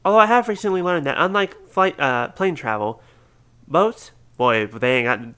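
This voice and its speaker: A man's voice: on the high side, lively intonation, normal speed, sharp tone, smooth. Joking man streamer. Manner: joking, offhand. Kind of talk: casual gameplay commentary.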